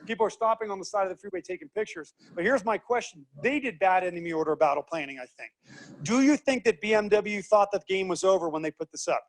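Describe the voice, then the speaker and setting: High, animated man speaking to a group. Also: fast. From United States. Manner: animated, acts out quoted voices, asks the audience questions. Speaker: speaker teaching leadership. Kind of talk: lively seminar talk to a group.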